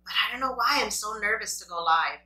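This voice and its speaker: A woman's voice: mid-range voice, expressive, fairly quick, pushed and bright, far from the mic. A woman hosting an eating video, chatting to her viewers in a rambling, self-deprecating way. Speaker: mukbang host. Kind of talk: casual chat while eating. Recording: echoey room.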